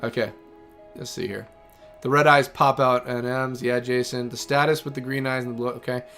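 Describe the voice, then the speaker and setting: Hoarse streamer with bright tone. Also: medium pitch, steady tone, soft background music. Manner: rambling, self-mocking, quick asides. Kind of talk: casual game livestream talk.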